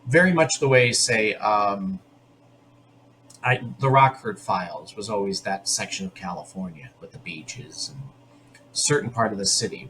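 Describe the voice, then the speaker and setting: A man's voice: fairly low pitch, fairly bright tone, slight background noise. Chatty man hosting a podcast. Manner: chatty and opinionated, talking in quick bursts with restarts. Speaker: podcast host. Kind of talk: casual episode recap.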